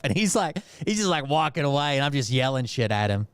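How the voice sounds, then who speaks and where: A man's voice: medium pitch, animated, quick pace, hardly any pauses, clean tone, no echo, clean studio sound. A man casually retelling a heated run-in with lots of swearing and filler words. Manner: profane, rambling, heated retelling full of fillers. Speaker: channel host. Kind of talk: casual storytelling.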